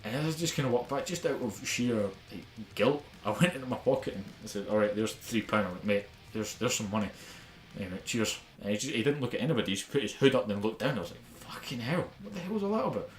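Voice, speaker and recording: A young Scottish man with a bit of Glasgow in his accent rants quickly and swears freely as he tells a story on a podcast. His voice sits low, and the room is echoey with a faint hiss in the background. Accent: Scottish, Glaswegian-tinged. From Scotland. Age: young adult. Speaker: podcast co-host. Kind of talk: casual podcast rant.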